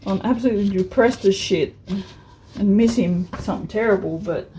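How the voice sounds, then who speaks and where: A woman's voice: medium pitch, brisk, mellow, slight background noise, rough recording. A woman vlogger chatting frankly while she works on a craft project, with mild swearing and many restarts. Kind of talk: casual chat while crafting.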